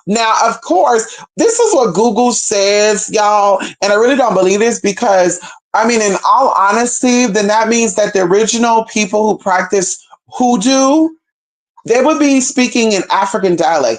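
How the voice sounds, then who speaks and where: A woman talking in a casual vlog monologue, animated and profane, often acting out other people's voices as a herbalist and hoodoo practitioner. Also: mid-range voice, normal speed, rough recording. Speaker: self-described certified herbalist and hoodoo practitioner.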